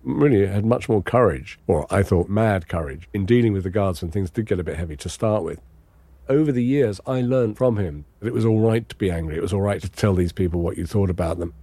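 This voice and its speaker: An English man recounting a long ordeal in measured, understated, wry first-person testimony. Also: low voice, mellow, no echo. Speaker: interviewee recounting his captivity.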